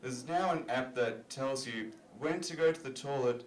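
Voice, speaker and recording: A man's voice: mid-range voice, normal speed, crowd noise. Chatty stand-up comic man in a club. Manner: conversational, self-deprecating, lots of "you know" fillers. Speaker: stand-up comedian. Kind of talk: stand-up comedy set. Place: comedy club stage with audience. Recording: roomy club recording.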